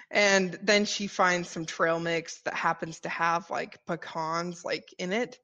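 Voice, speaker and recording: A woman tabletop player narrating what her character does, slowly and with small fillers. Her voice sits on the low side. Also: little pitch movement, pushed and bright.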